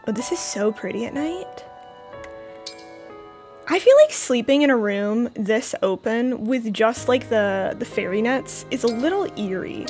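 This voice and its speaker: A young woman with a slightly high, expressive, slightly mellow voice streams a game indoors at home, where the room is cold. At a normal speed, she chats playfully with her viewers while playing, with soft music in the background.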